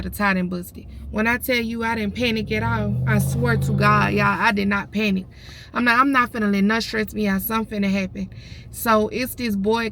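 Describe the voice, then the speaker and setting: A woman's voice: mid-range voice, a bit bright, a little hiss or hum. A woman, close to tears, telling her viewers a story in a casual, emotional vlog. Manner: tearful, addresses viewers as y'all. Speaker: vlogger.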